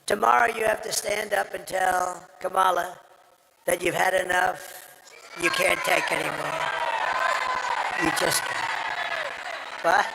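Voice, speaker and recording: A man's voice: sits high, level tone, unhurried, gravelly, long pauses. A man giving a rambling, boastful campaign rally speech at a podium microphone, his voice strained and tiring after a long day. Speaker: political speaker at a rally. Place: large rally venue. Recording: reverberant venue with crowd noise.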